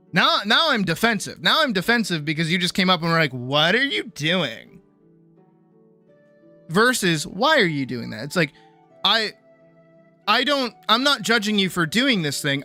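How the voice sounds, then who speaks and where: A woman's voice: mid-range voice, pushed and bright. A woman streamer chatting casually with her live audience, rambling and acting out other people's voices, swearing freely.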